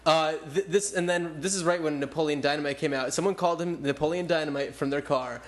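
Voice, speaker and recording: A man's voice: fairly high pitch, fast. A man co-hosting a comedy podcast, trading dry, teasing banter with his guests. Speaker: podcast co-host. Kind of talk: casual comedic chat.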